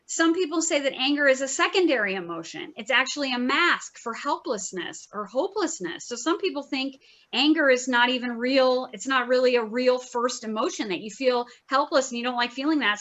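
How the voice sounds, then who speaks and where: High, bright-voiced woman teaching coping tools. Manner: chatty, earnest, uses filler words and repeats phrases. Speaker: therapist teaching a workshop. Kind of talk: informal lecture presentation. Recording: slightly dull, muffled recording.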